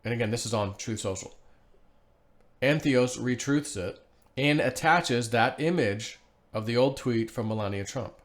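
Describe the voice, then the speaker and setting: A man's voice: medium pitch, unhurried. A man hosting a casual solo video, reading online posts aloud and rambling through them with loose fillers and the odd chuckle. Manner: rambling, animated, laughs to himself, frequent fillers. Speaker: vlogger.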